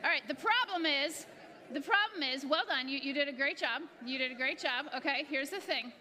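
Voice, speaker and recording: A woman's voice: high voice, a little fast, pushed and bright, some chatter behind. A woman pastor preaching a sermon to a live congregation in a church, repeating phrases and speaking to people by name. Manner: repetitive, exhorting, addresses congregation by name.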